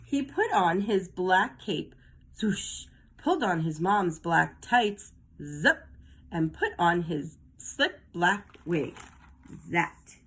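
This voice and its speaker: Slow, animated storybook reader woman. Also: fairly low pitch. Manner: slow, animated read-aloud for kids. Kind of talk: reading a children's picture book aloud.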